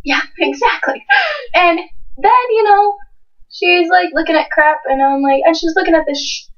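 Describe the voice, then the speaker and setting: A woman's voice: extremely high pitch, normal speed. A sixteen-year-old girl telling a story in casual chat, swearing freely and acting out what people said. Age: teens. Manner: swears freely, animated retelling with voiced quotes. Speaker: co-host. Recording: distant, dull lo-fi home mic.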